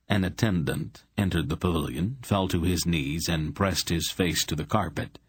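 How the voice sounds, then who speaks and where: A man narrating an audiobook with a measured, expressive reading. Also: sits low, slightly rough. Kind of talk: scripted narration.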